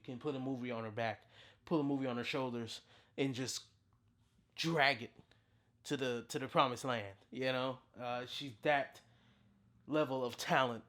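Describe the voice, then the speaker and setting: A reviewer in their thirties giving a casual, unscripted film review as a channel host, excitable and full of restarts. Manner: excitable, with big pitch jumps and frequent restarts.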